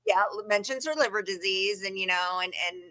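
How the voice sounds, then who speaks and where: Bright, chatty woman co-host. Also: medium pitch, a little fast, no echo. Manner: animated, rambling with restarts. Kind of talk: casual chat.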